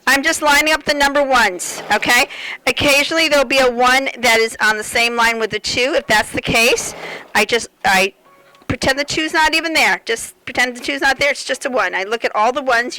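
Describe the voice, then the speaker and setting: A middle-aged woman runs a live sewing seminar, with a high voice that is bright and sharp. She jokes with the audience and drifts into chatty stories. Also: poor audio. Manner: joking, rambling storyteller talking to the audience.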